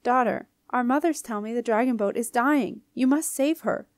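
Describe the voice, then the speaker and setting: A woman's voice: a little high, moderate pace, dry recording, clean studio sound, pitched above the performer's own voice, natural voice. A woman reading aloud and voicing a young ghost queen, earnest and cross, trying to be heard. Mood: insistent.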